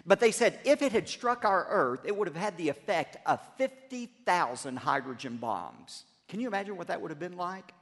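A man's voice: sits high, animated, normal speed, hardly any pauses, a bit bright, long reverb tail. A man preaching a sermon as pastor, emphatic and leading the congregation in repeated phrases, recorded in a church sanctuary.

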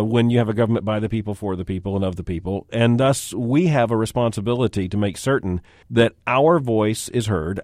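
A man's voice: lowish voice, a little mellow, no echo, clean studio sound. A man speaking as a radio show guest, articulate and lecturing in tone, with frequent "uh" fillers. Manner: fast, fluent, articulate, lecturing. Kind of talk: on-air interview.

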